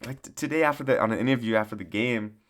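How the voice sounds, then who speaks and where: A man rants through a casual sports season recap, swearing freely and rambling from point to point. His mocking delivery breaks into laughter often. His voice sits at an ordinary middle pitch. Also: racing, fairly bright tone. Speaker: sports commentator.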